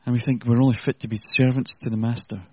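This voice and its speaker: A man's voice: medium pitch, flat delivery, quick pace, slightly rough, no room sound, highs cut off. A man preaching an earnest, conversational sermon with self-deprecating asides.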